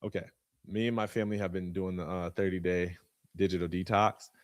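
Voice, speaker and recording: A man in his thirties hosting a live online community call, shouting out names with slangy, excitable energy and talking casually while sharing his screen. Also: low voice, brisk, no room sound, studio quality. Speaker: host. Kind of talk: hype-filled live community broadcast.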